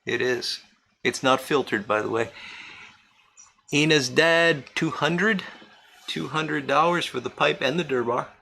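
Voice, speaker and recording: A man's voice: a little high, measured pace, vocal fry, long pauses, sharp tone, slight background noise, low-quality recording. A man hosting a casual live-stream charity auction, chatting and reading out bidders and their bids. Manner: chatty, reads out bidders and amounts. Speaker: livestream charity auction host.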